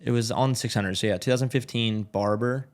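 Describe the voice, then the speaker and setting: A man's voice: medium pitch, brisk. A man, a motorcycle racer guest, casually telling a story with lots of "like" and swearing. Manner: laid-back, swears freely, filler "like".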